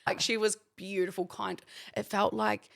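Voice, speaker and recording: A woman's voice: medium pitch, little pitch movement, normal speed, gravelly, a bit bright. A young woman from New Zealand with a New Zealand accent, co-hosting a podcast in casual, chatty talk, laughing often and swearing freely. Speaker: podcast co-host. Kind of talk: casual chat.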